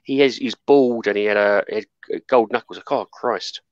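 Low-voiced man with a dull mic. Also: moderate pace, no echo. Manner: rambling, trails off searching for names. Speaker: podcast co-host. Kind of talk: casual gaming chat.

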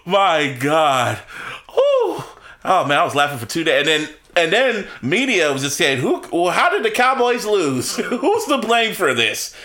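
A man co-hosting a podcast, telling sports stories in casual chat, laughing often and getting excited. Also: high voice, a little slow. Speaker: podcast co-host.

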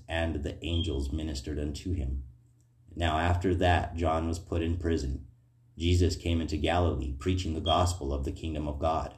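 A preacher with an extremely low, mellow voice, recorded with a roomy sound, gives a rambling, earnest informal sermon full of fillers and tag questions. He then reads scripture aloud.

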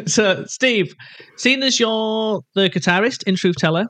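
A man hosting a casual chat, playful and asking quick questions. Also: sits high, a bit bright, no echo. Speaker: podcast host.

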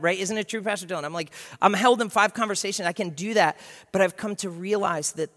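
A pastor preaching a sermon in a lively, humorous way, acting out little scenes. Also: male voice, sits high, quick pace, big-room sound.

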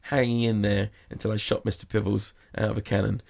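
A man's voice: fairly low pitch, level tone, fast talker, creaky, darkish tone. A man guest telling a rambling anecdote in casual conversation, full of fillers and quoted exchanges. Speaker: guest, magician performer. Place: sauna.

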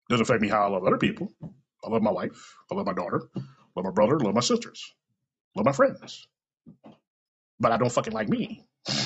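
Gravelly, blunt, profane man. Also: mid-range voice, lo-fi sound. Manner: blunt, profane, self-deprecating. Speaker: podcast host. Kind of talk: casual monologue.

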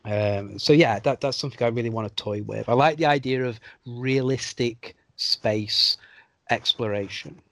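A man's voice: medium pitch, normal speed, a bit bright, no echo. Brief: man, podcast guest, eager and rambling, dry close sound. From England. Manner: enthusiastic, rambling with many restarts. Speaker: screenwriter guest. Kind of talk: podcast interview.

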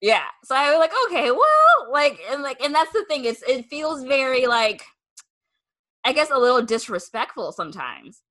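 A young woman hosts a casual podcast chat in a bright, clear voice. She talks in loose, rambling sentences full of "like," and slips into quoted replies as she tells her stories. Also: high voice, lively intonation, normal speed. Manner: chatty, lots of "like" fillers, acts out quoted replies. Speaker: podcast host.

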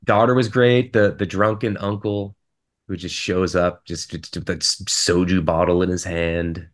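A man with a fairly low voice chats casually about movies on a podcast. He rambles and restarts his sentences often as he works through his thoughts. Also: flat delivery, a little slow. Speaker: podcast co-host. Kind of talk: casual film discussion.

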